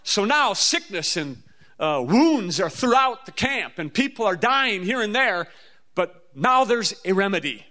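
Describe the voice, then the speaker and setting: A male preacher from the Midwestern US, near the Mississippi River, delivers a storytelling sermon at a measured pace. His voice sits a touch higher than most, and his folksy, animated delivery leaps into sudden high-pitched bursts for effect.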